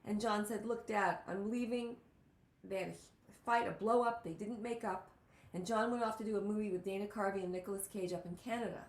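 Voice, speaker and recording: A woman hosting a talk show, telling stories in an animated way with lots of exclamations. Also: mid-range voice, fast talker, roomy sound, low-quality recording. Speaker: host. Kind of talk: casual storytelling chat.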